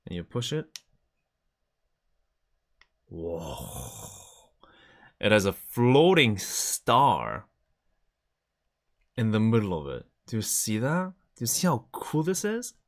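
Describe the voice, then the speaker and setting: A man's voice: medium pitch, huge pitch swings, a little slow. A man chatting casually on a live stream, enthusiastically showing items to the camera.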